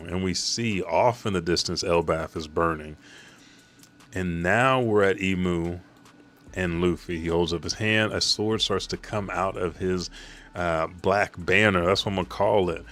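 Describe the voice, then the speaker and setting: A man's voice: sits low, a little slow, fairly bright tone. A man casually recapping a manga chapter, rambling and swearing.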